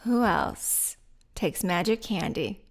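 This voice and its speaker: Giggly, gravelly middle-aged woman. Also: lowish voice, expressive, takes it slowly. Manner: giggly, rambling, self-mocking, chatty. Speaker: vlog host. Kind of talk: casual rambling monologue to camera. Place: sitting on the floor at home. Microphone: mic set up by her partner.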